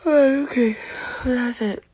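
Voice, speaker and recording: A woman's voice: high-pitched, fairly even intonation, slow pace, mellow, husky. A sleepy woman rambling to the camera in a casual vlog, often dropping to a half-whisper and yawning as she talks. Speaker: vlogger.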